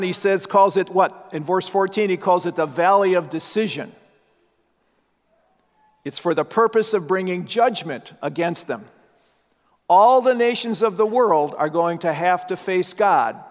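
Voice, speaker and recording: A man's voice: sits high, big-room sound. A man preaching a sermon, teaching from scripture in an earnest, emphatic way with rhetorical questions.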